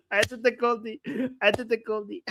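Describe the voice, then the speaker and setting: A livestream co-host from Iran reacts on a live reaction stream with bursts of exclamations and frequent laughter. His voice is high for a man, with a bright, forceful tone. The audio is dry and close, without any room echo.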